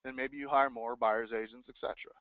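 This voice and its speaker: A man giving an energetic motivational sales talk to real estate agents, acting out sample phone scripts. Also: mid-range voice, brisk, no room sound. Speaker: real estate team leader and speaker. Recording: dry, phone-like thin sound.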